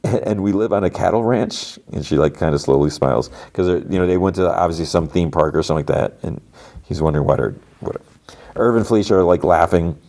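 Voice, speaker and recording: A man's voice: extremely low pitch, quick pace, a little mellow. A man hosting a podcast, casually retelling a TV episode in a rambling way, full of "like" and acted-out quotes. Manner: rambling, heavy use of "like", acts out quotes. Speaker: podcast host. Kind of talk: casual movie and TV recap.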